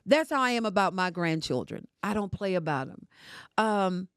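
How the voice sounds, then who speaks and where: A woman's voice: medium pitch, very animated, normal speed, smooth, no echo. Older woman, podcast guest, emphatic storyteller, dry studio sound. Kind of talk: emotional casual conversation.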